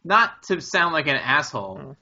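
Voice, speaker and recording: A man, co-hosting a podcast in casual chat, curious and quick to ask questions. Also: on the high side, sing-song, bright, forceful tone, highs cut off. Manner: curious, asks questions, laughs easily. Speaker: podcast co-host.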